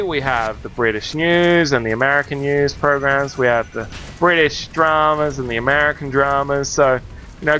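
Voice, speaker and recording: A young Australian man with a high, bright voice and an Australian accent, commenting on his game. He yelps, jokes and rambles about what happens on screen. A faint hiss sits under his voice. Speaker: let's play host. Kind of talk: gameplay commentary.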